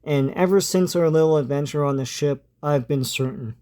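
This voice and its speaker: Man reading out a gruff adventurer archaeologist, blunt, comic-book lines, fairly high voice. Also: moderate pace, warm tone, lightly acted. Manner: casual reading of comic dialogue. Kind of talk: reading comic dialogue aloud.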